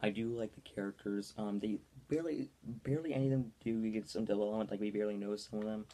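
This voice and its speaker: A man's voice: lowish voice, steady tone, fast, warm tone. A young man giving a casual movie review in a rambling style, full of ums and likes.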